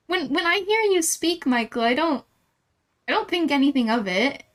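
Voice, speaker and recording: A woman's voice: sits high, expressive, a little slow. A young woman livestreaming a game and chatting with viewers in a playful, giggly way, often flustered and laughing. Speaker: streamer. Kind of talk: casual live-stream chat with viewers.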